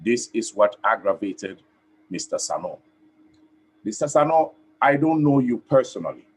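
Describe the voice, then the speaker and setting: A man from Sierra Leone with a Sierra Leonean accent, giving earnest, emphatic commentary on a live stream in short, paused phrases. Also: lowish voice, low-quality recording. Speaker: online TV host and activist. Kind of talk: direct-address commentary.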